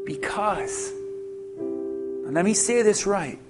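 A man preaching a sermon as pastor, calling out to the congregation and bringing them to a quiet prayer. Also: sits high, lively intonation, slow pace. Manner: preaching with call-and-response, from shouted peaks to a hushed altar call. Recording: music playing under the voice.

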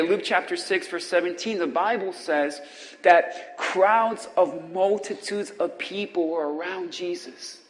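High-voiced guy preaching real slow, church hall with a long echo. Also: a bit bright. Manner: preaching with call-and-response to the congregation; slow, drawn-out emphatic delivery. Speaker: pastor. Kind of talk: sermon. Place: church sanctuary.

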